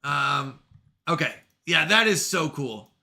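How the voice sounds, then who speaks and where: A man in his thirties hosting a live stream, reading chat aloud with quick, animated reactions. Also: on the high side. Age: 30s.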